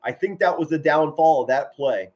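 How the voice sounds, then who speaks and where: A man doing energetic home-made play-by-play commentary on a football game, chatty with folksy asides. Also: a little high, moderate pace, dull audio. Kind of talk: live-streamed play-by-play commentary. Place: home, indoors.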